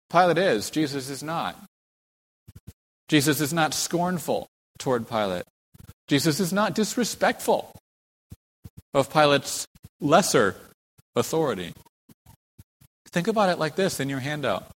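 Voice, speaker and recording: A man's voice: a little high, animated, moderate pace, long pauses. A man preaching a sermon with dramatic emphasis, acting out the figures he quotes, in a church sanctuary. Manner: dramatic, voices quoted speakers with rising emphasis. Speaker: pastor. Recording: reverberant church hall.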